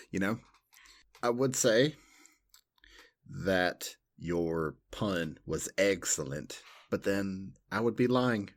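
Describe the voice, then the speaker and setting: Very low-voiced woman with a drawl. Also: expressive, extremely slow, pauses often. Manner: dry, teasing. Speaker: podcast co-host. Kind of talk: casual chat.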